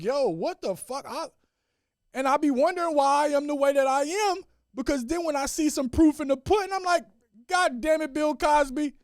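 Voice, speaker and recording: Solo podcast host, man in his thirties, high lively voice, slangy and profane, dry close sound. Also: no echo. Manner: animated, swings from loud exclaiming to low mutters; profane, slangy, repeats catchphrases. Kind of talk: solo casual rant.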